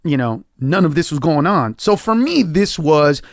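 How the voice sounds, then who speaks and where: A male comedian guest on a podcast tells his story emphatically, swearing freely and bursting into acted-out quotes. His voice sits fairly high for a man. The sound is dry and close, with no room around it. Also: expressive, moderate pace, dry recording. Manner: emphatic and profane, acts out quoted lines with big pitch jumps.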